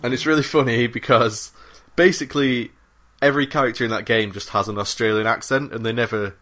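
A man's voice: mid-range voice, steady tone, brisk, fairly bright tone. A man co-hosting a gaming podcast in a casual, rambling, enthusiastic chat with plenty of fillers and swearing. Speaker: podcast co-host.

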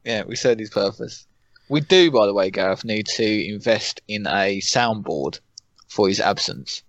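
Monotone young man podcasting. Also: on the low side, measured pace, no echo, dull audio. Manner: flat, monotone delivery. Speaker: podcast co-host. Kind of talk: casual chat.

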